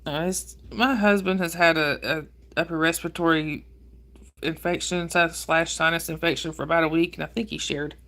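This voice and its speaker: A woman, hoarse from a cold, chatting casually with viewers on her livestream and greeting them by name. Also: low voice, steady tone, moderate pace, fairly bright tone. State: hoarse with a cold and sore throat. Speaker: livestream host. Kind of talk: casual live chat with viewers.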